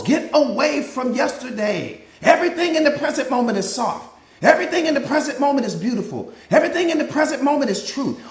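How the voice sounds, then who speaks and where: Male mindset coach, very high voice, preachy live motivational talk full of repetition, echoey room. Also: a bit bright. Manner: preachy, repetitive, fires rhetorical questions; greets viewers by name mid-talk.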